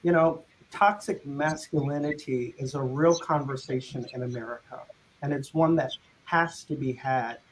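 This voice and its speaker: A man speaking earnestly and reflectively as a panelist, pausing and restarting as he thinks. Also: medium pitch, fairly even intonation, a little hiss or hum, poor audio. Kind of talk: panel discussion.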